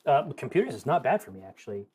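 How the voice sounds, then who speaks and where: A man playing in a tabletop role-playing game, talking casually and excitedly, often restarting his sentences. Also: medium pitch, fast talker, slight background noise. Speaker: player.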